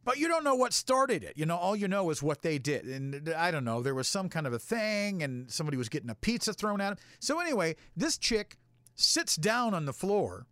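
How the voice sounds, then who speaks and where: A man's voice: high-pitched, a bit bright, dry recording, studio quality. A man telling a long, rambling story in a casual, profane way as a show host.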